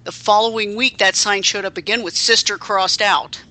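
A woman hosts a loose podcast conversation with a bright, edged tone. She is wry and indignant by turns and keeps restarting her sentences. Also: medium pitch, fairly even intonation, normal speed. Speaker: podcast co-host. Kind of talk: casual chat about pro wrestling.

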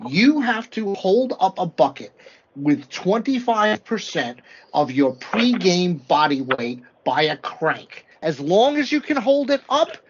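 A man's voice: high-pitched, slow pace, muffled recording, a little hiss or hum. A man co-hosting a podcast, recapping a TV episode in casual chat and acting out what people said. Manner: animated storytelling, acts out quotes. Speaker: podcast co-host.

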